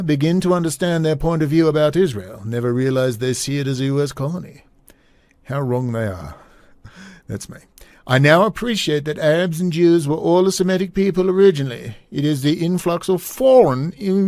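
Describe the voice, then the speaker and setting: A man's voice: a little mellow, no room sound, natural voice. A man doing a plummy, stuffy old British royal. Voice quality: clumsy put-on posh British accent. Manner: plummy, self-mocking, raised pitch. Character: stuffy older male British royal writing a letter.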